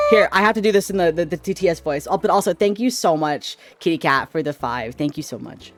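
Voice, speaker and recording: A man live-streaming, chatting casually with his viewers, swearing often, and swinging between loud and quiet. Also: sits high, normal speed, soft background music.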